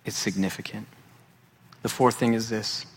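A man's voice: fairly low pitch, fairly even intonation, moderate pace, slightly rough. A male pastor preaching a sermon, emphatic and repeating key phrases for weight.

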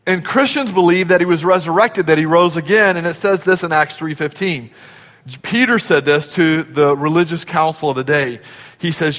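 A man preaching a sermon as a pastor. He swings from shouts down to whispers and urges the congregation to answer him aloud. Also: on the high side, normal speed, big-room sound. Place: church sanctuary.

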